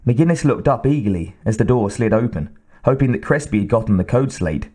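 A man reading a sci-fi novel aloud in a measured, dramatic narration style. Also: medium pitch, animated, mellow. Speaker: audiobook narrator.

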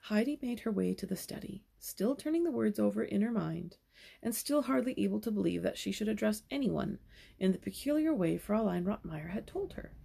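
A woman's voice: medium pitch, lively intonation, brisk, gravelly, mellow, slightly rough. A young woman reading a children's novel aloud as a storyteller, with casual asides between passages.

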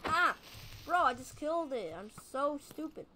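A woman giving casual gameplay commentary as a video host, excitable, pleading with and scolding creatures in the game. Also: high voice, normal speed, background noise. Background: background music.

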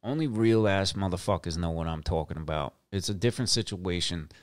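Brash, swearing man with a low voice. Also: brisk, no echo. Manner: brash, swaggering, heavy cursing; repeats lines for emphasis. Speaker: podcast host. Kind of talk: profane casual monologue.

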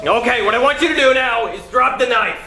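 A man's voice: extremely high pitch, quick pace, creaky, over loud music. A man voicing a nervous, clumsy police officer who stammers and panics. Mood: panicky.

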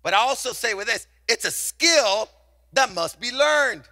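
High, bright-voiced preaching pastor. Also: male voice, animated, measured pace. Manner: passionate, call-and-response preaching. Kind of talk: sermon.

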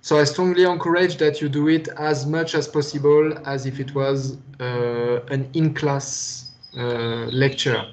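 A man's voice: medium pitch, little pitch movement, measured pace, hardly any pauses, a little hiss or hum. A man with a French accent, a native French speaker, giving a recorded university lecture in a hesitant, patient way with many fillers and restarts.

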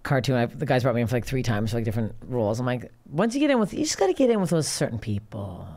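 Fast-talking, excitable woman podcast host. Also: a bass voice. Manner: excitable, swears freely, restarts. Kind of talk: casual chat.

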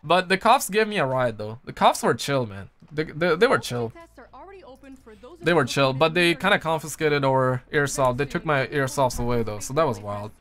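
A man's voice: mid-range voice, lively intonation, moderate pace, a bit bright. A man live-streaming games, chatting loosely in slang and answering his chat through a headset mic. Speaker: gaming streamer.

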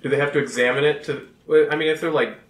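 A man's voice: on the high side, steady tone, fast, distant mic. A man talking as a player in a tabletop game, thinking aloud and hesitant. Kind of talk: casual tabletop play. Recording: echoey room, faint noise.

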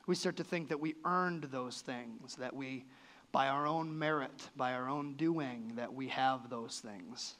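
In a church, a male pastor preaches a sermon at a measured pace, his medium-pitched voice fairly bright. He's earnest and conversational, with his voice lifting and dropping sharply.

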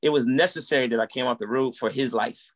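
Animated man telling his story. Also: mid-range voice, fast talker. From United States. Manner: animated, acts out quoted dialogue. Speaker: guest, musician and minister. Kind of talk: casual conversational storytelling.

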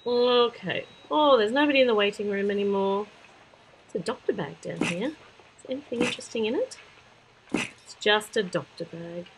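A woman's voice: medium pitch, moderate pace, noisy background. A woman chattily narrating a children's app playthrough, talking to the little characters and adding sound-effect words. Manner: chatty, talking to toy figures, sudden excited squeals, sound-effect words. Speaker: kids' app demonstrator.

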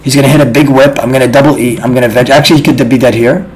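A man streaming games live, chatting casually with profane trash talk and bursts of shouting. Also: medium pitch, fairly even intonation, rapid-fire, a little hiss or hum, poor audio. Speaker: game streamer. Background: music.

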